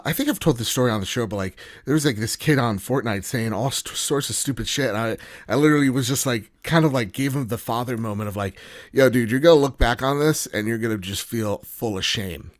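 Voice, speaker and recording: A man hosting a podcast in casual chat, joking and animated, with many fillers. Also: medium pitch. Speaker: podcast host.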